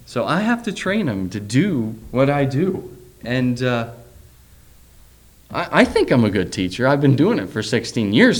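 Man, middle-aged, preacher, sermon, scripture reading, conversational asides, rhetorical questions. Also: mid-range voice. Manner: reads scripture aloud, then talks loosely with pauses, fillers and rhetorical questions.

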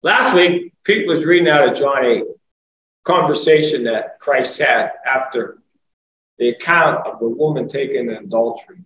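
A man's voice: mid-range voice, moderate pace, fairly bright tone. A man preaching a conversational sermon, asking rhetorical questions and rising to emphatic exclamations. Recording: echoey room, voice from far off, faint ambience.

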